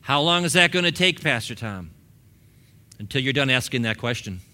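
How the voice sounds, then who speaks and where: Bright-toned male pastor preaching conversationally. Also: medium pitch, lively intonation, normal speed. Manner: conversational preaching with laughs and acted-out quotes. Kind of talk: sermon. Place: church sanctuary.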